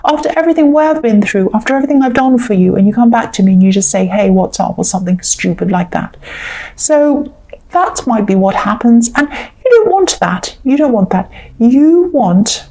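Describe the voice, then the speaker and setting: Female tarot reader, mellow timbre, conversational, loose and rambling with bits of acted-out dialogue. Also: fairly high pitch, animated, moderate pace, poor audio. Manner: chatty, rambling, acts out imagined dialogue. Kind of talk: casual tarot reading monologue.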